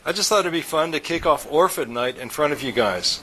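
A man reading as an excitable, reckless male tech inventor who talks in an eager, persuasive way. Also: brisk, a little hiss or hum. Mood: pushy. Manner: eager, persuasive salesman pitch.

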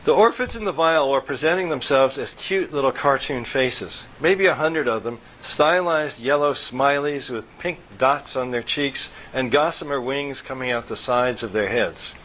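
A man reading a science-fiction story aloud in steady, even narration. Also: medium pitch, normal speed, few pauses, slight background noise, rough recording. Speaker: audiobook narrator.

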